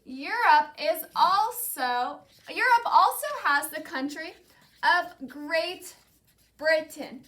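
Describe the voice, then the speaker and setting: A woman teacher with a high, bright voice runs a call-and-response lesson. She speaks unhurriedly and says each term clearly so the class can echo it. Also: lively intonation. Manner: says each word slowly and has the class repeat it.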